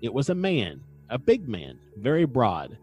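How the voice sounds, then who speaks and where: A man's voice: mid-range voice, wildly swooping pitch, a little slow, darkish tone, breathy edge, soft background music. A man hosting a casual podcast, recounting events with dry humor and frequent fillers. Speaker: podcast host. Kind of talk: casual chat and storytelling.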